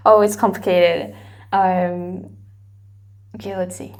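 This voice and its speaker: A woman's voice: on the low side, little pitch movement, slow pace, a little mellow. A woman from France with a French accent, a native French speaker chatting casually in English as a reaction-video host, rambling with lots of fillers and restarts. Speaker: YouTube host.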